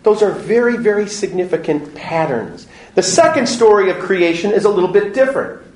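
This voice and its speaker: A man giving a parish Bible study talk, animated and joking, acting out little voices in his stories. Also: high-pitched, a little fast, reverberant. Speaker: parish teacher. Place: parish hall or church.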